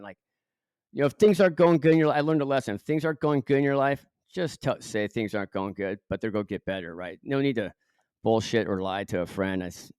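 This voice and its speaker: A man's voice: fairly low pitch, darkish tone, clean tone, no room sound, studio quality. A middle-aged man from Southern California with a Southern Californian accent, a podcast guest telling a self-deprecating story with lots of fillers. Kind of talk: storytelling in a casual interview.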